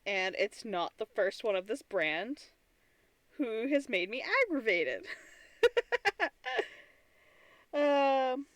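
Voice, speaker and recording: A woman's voice: a little high, lively intonation, takes it slowly, long pauses, a bit bright, no echo. A tired woman streamer chatting casually and rambling, with frequent restarts and giggly asides. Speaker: streamer and artist. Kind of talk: casual live-stream chat.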